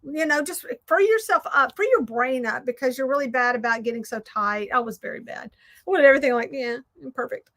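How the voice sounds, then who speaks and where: A Southern American woman hosting, chatting casually and rambling while she crafts, quick to poke fun at herself. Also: sits high, a bit bright. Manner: chatty, rambling, self-deprecating. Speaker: host.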